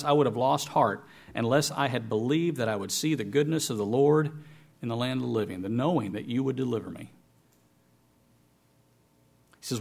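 A man preaching a sermon, reading scripture with raised, emphatic lines and then sinking into quiet, low remarks. His voice sits at an average pitch, and he slows down to stress key phrases. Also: expressive, vocal fry.

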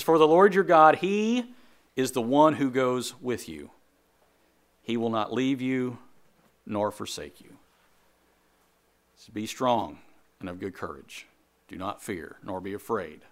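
A man preaching a sermon to a congregation in a conversational way, with jokes, quick asides and repeated phrases. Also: lowish voice. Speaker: pastor.

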